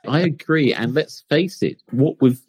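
A man's voice: fairly high pitch, measured pace, a little mellow, husky. A man with a Portsmouth English accent, co-hosting a podcast in casual chat and laughing often. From England. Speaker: podcast co-host.

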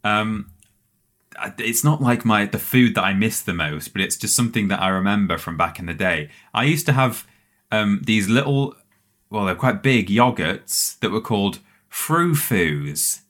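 A man with a very low, deep voice co-hosts a casual podcast. He spins long, rambling anecdotes and breaks into laughter as he goes. The talk is loose, friendly banter among friends. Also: expressive, measured pace, a bit bright. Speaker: podcast co-host.

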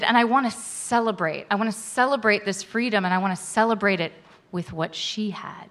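A woman telling a frank personal story to a live audience, animated and laughing often. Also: medium pitch, fairly quick.

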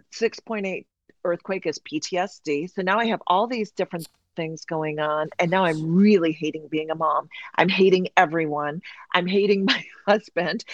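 Woman guest, candid storytelling, animated, slips into quoted voices; dry, slightly dull sound. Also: on the low side, no echo. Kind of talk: candid personal story in conversation.

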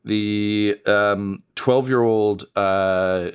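Brief: male game master, lowish voice, halting, crude, lots of ums. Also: steady tone, smooth. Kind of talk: narrating a tabletop game.

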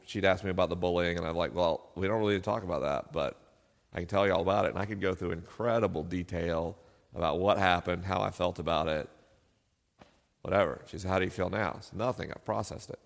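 A man's voice: low-pitched, fast, gravelly. Man telling a story live in a hall. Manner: self-deprecating, laughs often while telling. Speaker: podcast host on live tour. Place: live venue. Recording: live hall with long reverb.

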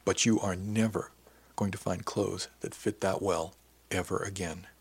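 A man's voice: sits low, steady tone, unhurried, slightly rough, full character voice. A man voicing a frank, helpful adult woman friend who speaks reassuringly, in an audiobook.

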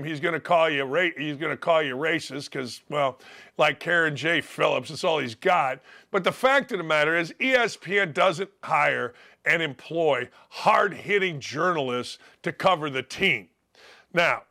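Older man, sports radio host, blunt combative rant, gravelly hoarse voice, high bright tone. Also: animated, unhurried. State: gravelly voice from days of yelling.

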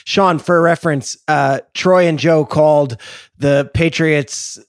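A man's voice: a little high, fairly even intonation, takes it slowly, no room sound, studio quality. A man co-hosting a podcast, earnestly setting up a question for his guest with background details. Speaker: podcast co-host. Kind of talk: interview questions.

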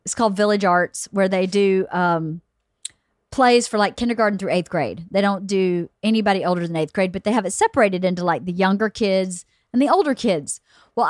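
A woman's voice: medium pitch, moderate pace, no room sound, studio quality. A middle-aged woman hosting a podcast, telling family stories in a chatty, laughing way. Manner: chatty storyteller, laughs often. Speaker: podcast host. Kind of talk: casual chat.

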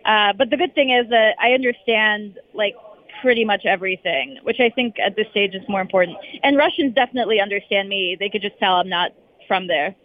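A woman's voice: mid-range voice, fairly quick, a little hiss or hum. A woman correspondent answering interview questions casually, hesitating with many fillers and restarts, heard over a phone call. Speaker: foreign correspondent guest. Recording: tinny phone line.

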